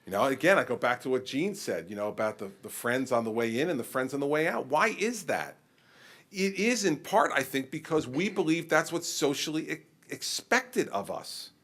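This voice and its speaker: A middle-aged man who is a governor, answering a question at a public forum in an animated, conversational way. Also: mid-range voice, normal speed. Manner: animated, conversational, acts out exchanges with people.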